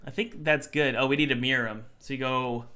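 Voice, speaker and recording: A man's voice: medium pitch, fairly even intonation, brisk, sharp tone. A young man live-streaming game development, talking to himself and his chat as he works. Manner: self-talking, thinks aloud, chatty with chat. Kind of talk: casual live-stream talk while working.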